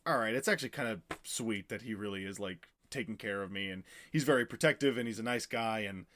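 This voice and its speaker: Rambling man recapping a book. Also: lowish voice. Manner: rambling and animated, full of "like" and quick acted-out quotes. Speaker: podcast co-host recapping a book. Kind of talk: casual chat.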